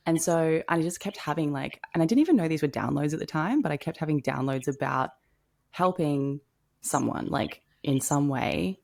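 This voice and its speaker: A woman's voice: sits low, expressive, fairly quick, creaky, a little mellow. A young woman telling a personal story in a casual podcast chat, full of "like" and casual swearing. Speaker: podcast co-host.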